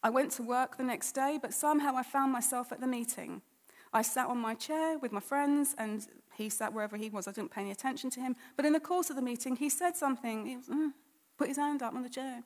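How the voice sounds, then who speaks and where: A woman with a high voice tells her own story as a church testimony. She speaks conversationally and slips into re-enacting what she thought and said back then. Her voice rings with a long reverb, as if from a large hall. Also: quick pace. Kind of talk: personal testimony told as a story.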